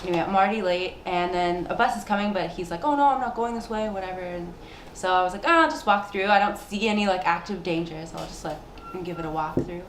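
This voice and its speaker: A woman's voice: on the low side, fast talker, reverberant, slight background noise, low-quality recording. A young woman co-hosting a casual podcast chat, telling a story with frequent laughter. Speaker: podcast co-host.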